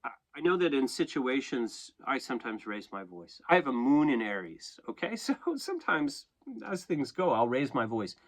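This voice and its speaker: Animated man giving a chatty tarot reading. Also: medium pitch, moderate pace. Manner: conversational, animated, frequent "okay?" and "right?" check-ins; laughs often at himself. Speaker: tarot reader and astrologer. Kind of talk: casual spoken tarot reading.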